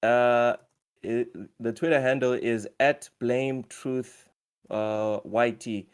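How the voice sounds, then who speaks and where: A man's voice: mid-range voice, steady tone, slow pace, smooth. A man hosting a casual gaming live stream, reading viewer comments aloud in a loose, chatty way. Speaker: stream host running a quiz.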